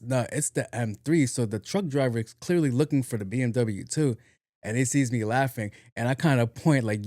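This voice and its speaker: A young man hosts a podcast and tells a rambling story, lively, swearing freely and joking at his own expense. His voice sits in a middle register and comes through close and dry, with almost no room sound. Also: medium pitch, moderate pace, dry recording. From New York. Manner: animated, profane, self-mocking storyteller. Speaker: podcast host. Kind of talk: casual storytelling monologue.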